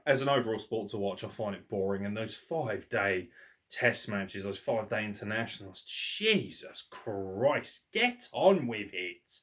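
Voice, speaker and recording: A young man talks loosely and with plenty of swearing as he answers listener questions on his podcast. His pitch rises and falls a great deal, and he is full of banter. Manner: animated, sweary, laddish banter. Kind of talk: casual solo podcast Q&A.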